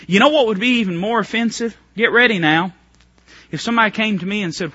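A male preacher with a high, sharp voice and a husky edge delivers a sermon in fervent, stop-start bursts. He swings from quiet, low passages to loud ones. The recording is dry and sounds dull and lo-fi. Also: fast talker, no room sound. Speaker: pastor.

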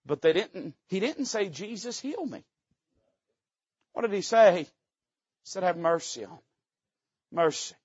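A man preaching a sermon from the pulpit, folksy and fervent, swinging between loud rises and quiet dips. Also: sits high, normal speed, pauses often, no echo, muffled recording. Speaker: pastor. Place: church sanctuary.

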